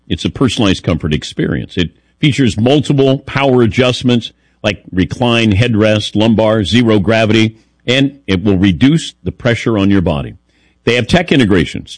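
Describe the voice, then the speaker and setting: A man hosting a sports radio show, teasing his co-hosts in a wry, lively way and reading an ad. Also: on the low side, normal speed, no echo. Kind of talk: casual radio talk and read ad.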